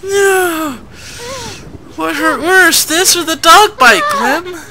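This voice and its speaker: A woman's voice: very high-pitched, expressive, slow pace, noisy background. A woman commenting on a video game as she plays, squeamish and pleading with the game, talking through clenched teeth. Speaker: let's play gamer. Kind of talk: gameplay commentary.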